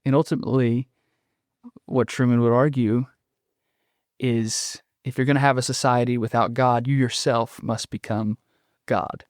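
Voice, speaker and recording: Male guest explaining ideas, halting and thoughtful, dry close mic. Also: medium pitch, steady tone, no echo. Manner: thoughtful, explanatory, frequent ums and restarts. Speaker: podcast guest. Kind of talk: casual conversational interview.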